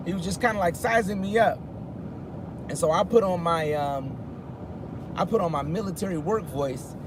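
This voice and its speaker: A man's voice: high voice, moderate pace. Chatty man in his fifties, driving. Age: 50s. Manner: talks loosely, reads viewer comments aloud. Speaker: rideshare driver livestreaming. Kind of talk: casual live-stream chat. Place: inside a car with the window down. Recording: loud street traffic noise.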